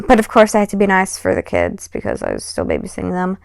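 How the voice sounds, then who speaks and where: A woman's voice: lowish voice, huge pitch swings, quick pace, vocal fry, few pauses, no room sound, studio quality. Rambling woman telling a gossip story. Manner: rambling, heavy on "like" and "um". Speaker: vlogger.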